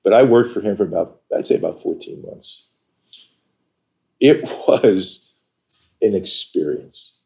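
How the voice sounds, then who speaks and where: An older man from New York, an interview guest telling stories about his career in an animated, emphatic way. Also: on the low side, measured pace, pauses often. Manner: animated, emphatic storyteller who acts out quoted dialogue. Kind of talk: conversational storytelling.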